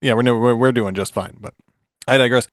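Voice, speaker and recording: A man's voice: mid-range voice, fairly even intonation, a little fast, dry recording, clean studio sound. A man in his forties casually retelling a fairy tale on a podcast, joking and laughing often as he goes. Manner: jokey, laughs often, restarts a lot. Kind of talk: casual chat and comic story retelling.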